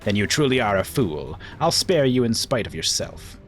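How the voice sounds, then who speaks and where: A man's voice: fairly low pitch, very animated, moderate pace, soft background music, pitched above the performer's own voice. A male streamer voicing a proud young noblewoman who betrays her friend, reading her lines aloud in a raised voice. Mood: cold. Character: proud young noblewoman turned traitor, cold.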